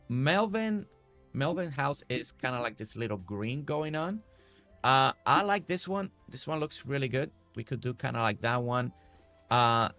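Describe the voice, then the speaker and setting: A man's voice: mid-range voice, gravelly, a bit bright. A man streaming a building game, chatting casually and talking to the characters on screen. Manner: chatty, talks to game characters, repeats himself. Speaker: gaming streamer.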